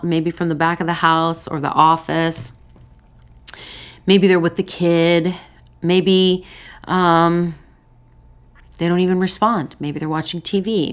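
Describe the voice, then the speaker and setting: Animated woman giving relationship advice. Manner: lively, bursts into excited high voices when acting out greetings; talks in short punchy repeated phrases. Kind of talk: direct advice talk to camera.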